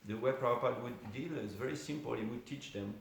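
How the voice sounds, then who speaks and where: A man's voice: mid-range voice, quick pace, creaky. A man giving an informal class at a temple, telling a story conversationally with many asides. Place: temple hall. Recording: very echoey room with faint hiss.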